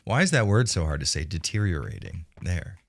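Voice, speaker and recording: A man's voice: low voice, sing-song, brisk, a bit bright, no room sound. A young man live-streaming a shooter game, cursing freely and trash-talking enemies, sometimes dropping to a whisper when sneaking. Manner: profane, cocky trash talk at game enemies. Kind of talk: casual live-stream commentary.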